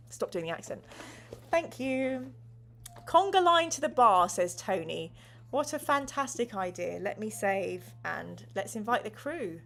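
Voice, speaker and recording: Upbeat female streamer with a slightly high voice, reading chat and narrating game text. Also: expressive, unhurried. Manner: bubbly, laughs often, reads chat aloud. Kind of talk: live-stream gamebook play and chat reading.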